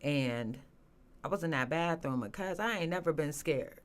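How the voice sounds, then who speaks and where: A woman's voice: low-pitched, animated, moderate pace. A woman, a guest candidly telling a personal story, often saying "you know". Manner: earnest, candid, many "you know" fillers.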